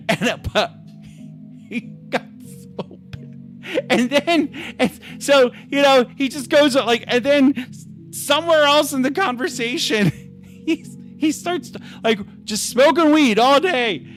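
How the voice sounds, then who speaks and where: A man's voice: very high voice, slow, fairly bright tone, soft background music. A man hosting a livestream, telling a story in a casual, chatty way with lots of filler words and the odd swear. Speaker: livestream host.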